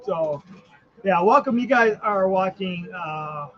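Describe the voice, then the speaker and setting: A man's voice: sits high, lively intonation, slow pace. A man hosting a live watch party, chatting casually and rambling with lots of fillers. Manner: rambling, filler-heavy, yawning. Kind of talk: casual live game chat. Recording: dull lo-fi sound.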